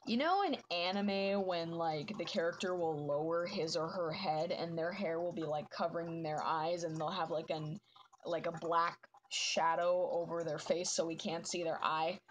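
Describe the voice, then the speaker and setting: A young woman talks casually as she draws on a live stream. Her voice sits a little low, and she rambles with plenty of "like" fillers. A faint hiss runs under the recording. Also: steady tone, normal speed, low-quality recording. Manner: chatty, rambling, many "like" fillers. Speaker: artist streaming her drawing. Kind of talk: casual chat while drawing.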